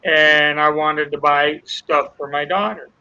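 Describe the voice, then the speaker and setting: An older man recounts a life-changing moment, earnest and emotional, playing every part in the dialogue himself. His voice is bright and sits fairly high. The audio comes over a dull, lo-fi video call. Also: fairly even intonation, measured pace, clear, resonant tone. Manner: earnest storyteller acting out dialogue. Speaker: guest. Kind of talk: emotional personal testimony.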